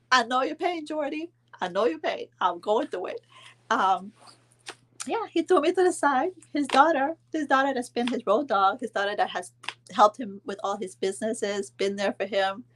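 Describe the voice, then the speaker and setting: A woman in her thirties casually telling a vacation story to her viewers, chatting along with their comments and filling pauses with "um". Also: sits high, a bit bright. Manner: chatty, answers viewer comments, frequent ums and laughs. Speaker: vlog host telling a story to live viewers.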